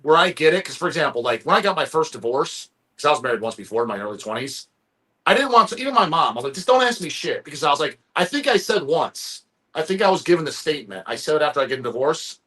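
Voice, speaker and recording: Male stream host, husky and a bit high, rambles with restarts and swearing. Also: big pitch swings, quick pace, fairly bright tone. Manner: rambling, profane, stumbling restarts. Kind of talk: casual chat on a live stream.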